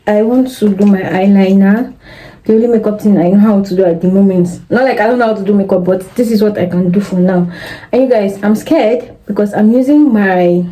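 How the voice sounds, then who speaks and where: A young woman, chatting excitedly to viewers in a casual vlog from her kitchen, recorded on a propped-up phone. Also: medium pitch, fairly quick, low-quality recording. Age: young adult. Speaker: student vlogger. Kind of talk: casual vlog chat to camera. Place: home kitchen, indoors. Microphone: phone camera propped up nearby. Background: background music.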